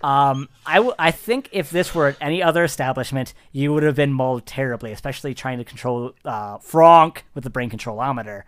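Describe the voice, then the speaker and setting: A game master narrating a tabletop game in a giggly, rambling, animated way. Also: mid-range voice, a little fast, few pauses.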